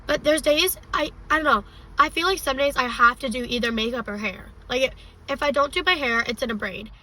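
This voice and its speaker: A woman's voice: sits high, fairly quick, sharp tone. A teenage girl co-hosting a podcast, chatting casually and filling her talk with "like". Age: teens. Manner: chatty, many "like" fillers. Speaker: podcast co-host. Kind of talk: casual chat. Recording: distant mic with faint noise.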